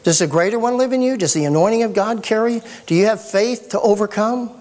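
A middle-aged man preaching a sermon as pastor, folksy and animated with joking asides. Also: sits high, fairly quick.

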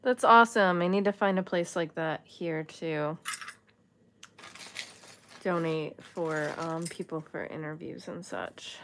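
A woman vlogger muses aloud through a jewelry haul, chatting casually and even talking to the pieces as she unboxes them. Her voice is on the low side, with a little hiss or hum in the recording.

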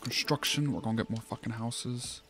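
A man giving casual let's-play commentary, thinking aloud, swearing often and getting excited. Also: medium pitch, normal speed. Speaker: gameplay streamer. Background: game music.

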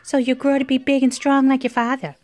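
Brief: storybook giant mom, gentle and coaxing, higher pitch, woman reader putting it on. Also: flat delivery, brisk, no echo, lightly acted.

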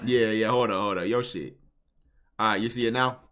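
A man's voice: lowish voice, steady tone, a little fast, a bit bright. A young man hosting a live stream, bantering loosely with callers and chat in heavy slang.

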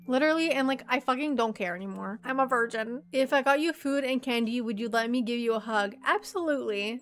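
A woman's voice: a little high, fairly bright tone. A Canadian woman in her twenties, a YouTuber bluntly answering viewer questions with lots of swearing and jokes. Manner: blunt, profane and joking.

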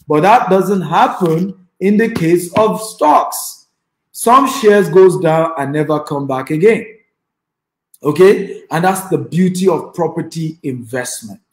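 A man's voice: fairly high pitch, animated, takes it slowly, echoey room, poor audio. A man with a Nigerian accent giving an online class as a real estate investor and trainer. He speaks emphatically and repeats phrases, and he urges the audience to type replies.

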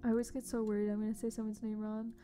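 A young woman streaming a game, chatting casually and bubbly with her viewers, often dropping to a soft whisper. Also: a little high, flat delivery, rapid-fire. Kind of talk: casual livestream chat. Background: faint background music.

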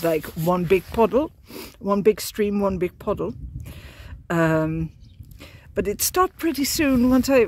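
An Irish woman telling a casual video diary while walking by a road, rambling with many fillers and restarts, a little tearful. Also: fairly low pitch. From Ireland. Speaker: pilgrim vlogger.

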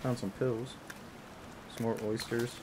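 A man talks through his gameplay on a headset mic, reacting with quick bursts of excitement and plenty of swearing. His voice sits at an ordinary middle pitch, and it comes through over loud game noise. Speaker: gaming channel host. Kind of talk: casual gameplay commentary. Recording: noisy game capture.

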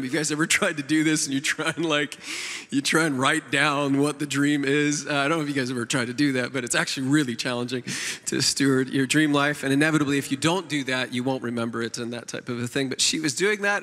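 A man's voice: fairly high pitch, pushed and bright. A middle-aged man preaching at a church conference, telling a personal story in an earnest, tender, emotional way with many fillers and restarts. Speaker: worship leader preaching at a conference. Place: large church conference hall. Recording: long hall reverb.

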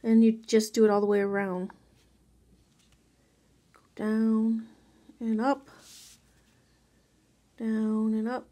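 A woman casually talking viewers through a drawing tutorial, chatty and softly spoken, with rambling asides. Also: on the high side, little pitch movement, slow pace, long pauses. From Mexican background.

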